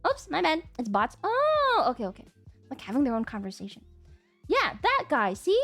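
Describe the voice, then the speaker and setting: A woman streamer in casual live-stream chat, excitable and chatty, sometimes swearing at her chat over a desk mic. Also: high-pitched, moderate pace, long pauses, dry recording, soft background music.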